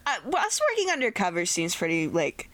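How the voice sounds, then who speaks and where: Quick-joking woman player. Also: on the low side, huge pitch swings, noisy background. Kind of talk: casual tabletop chat.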